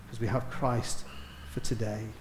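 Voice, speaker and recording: A man preaching a sermon, telling a story that swells to emphatic peaks and drops to soft, quiet lines. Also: on the low side, flat delivery, moderate pace, roomy sound, slight background noise.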